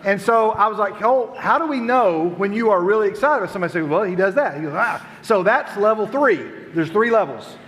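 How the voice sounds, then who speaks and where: Animated bright-voiced male youth host. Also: high voice, a little fast, hardly any pauses. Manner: jokey and animated, laughs often. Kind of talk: playful stage banter with a crowd. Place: large hall with audience. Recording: long hall reverb.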